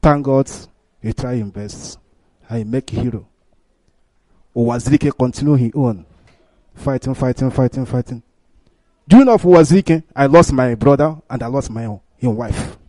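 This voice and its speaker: A man's voice: mid-range voice, moderate pace, pauses often, darkish tone, no room sound. A man from Imo State with a Nigerian accent, calling in to a radio meeting and speaking in earnest, broken English. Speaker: caller.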